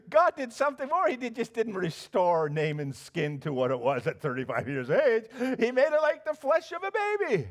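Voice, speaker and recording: Animated, high-voiced male pastor. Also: normal speed, few pauses. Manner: animated storytelling with many restarts and fillers. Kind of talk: sermon.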